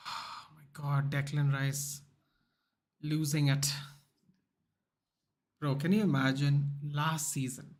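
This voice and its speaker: A man's voice: a little high, little pitch movement, slow, long pauses. A man hosting a football watchalong livestream, talking casually in a rambling, opinionated way and often calling listeners "dude".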